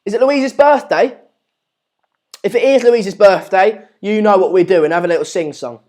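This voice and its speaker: A man's voice: high-pitched, normal speed, darkish tone. A man with an English accent hosting a live stream, chatting casually and reading out viewer comments in a rambling, jokey, self-deprecating way. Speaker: livestream host.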